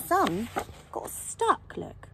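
Lady doing storytime for kids, lively voice, slow and careful, bit of room noise. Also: on the high side, vocal fry. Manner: animated, asks young listeners questions, drops to whispers. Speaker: children's storyteller. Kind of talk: storybook reading to children.

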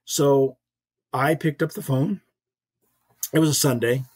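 Taking it slowly, an older man speaks in a steady, medium-pitched voice that's a little mellow and husky. He's a podcast guest giving an earnest, folksy faith testimony, voicing the characters he quotes.

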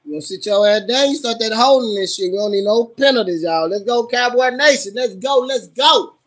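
Man, high-pitched, bright, livestream football reactions, loud and cussing. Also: brisk. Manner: loud, hyped and profane, cheering and scolding the team. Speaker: livestream host. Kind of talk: live fan reaction to a football game.

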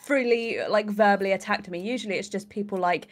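A young woman from Britain co-hosting a gaming livestream, chatting casually, giggly and quick to act out little scenes in funny voices. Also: mid-range voice. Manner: chatty, giggly, lively storytelling with put-on voices. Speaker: stream co-host. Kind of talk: casual chat while gaming.

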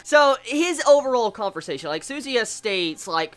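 Bright, excitable manga vlogger. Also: medium pitch, moderate pace, few pauses, clean tone. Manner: excitable, swears freely, exclaims in disbelief; rambling with restarts. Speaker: manga reviewer. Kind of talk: casual video review.

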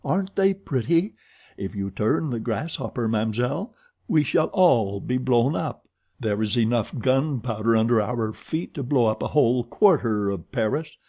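A man reading an audiobook, voicing a menacing, deranged masked man who speaks slowly, deliberately and with cold mockery. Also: medium pitch, animated, warm tone, breathy edge. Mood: mocking. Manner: slow, deliberate and mocking.

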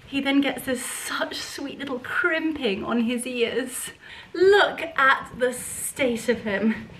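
A woman's voice: high-pitched, takes it slowly, a bit bright, slightly rough. A young woman vlogging casually at home, bubbly and affectionate, laughing often and cooing at her dogs in her kitchen. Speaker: lifestyle vlogger. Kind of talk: casual vlog chat. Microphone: camera set on a counter.

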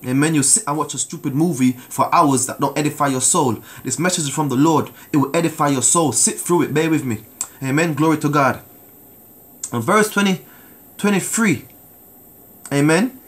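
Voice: mid-range voice, moderate pace. A preacher giving a sermon with a personal testimony, emphatic and repeating words, often calling out to listeners for an amen.

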